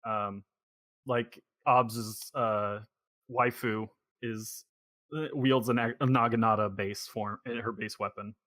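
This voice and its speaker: A man's voice: lowish voice, fairly even intonation, slow, fairly bright tone, dry recording. A man hosting a podcast in a casual chat, rambling and thinking aloud as he goes. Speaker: podcast host.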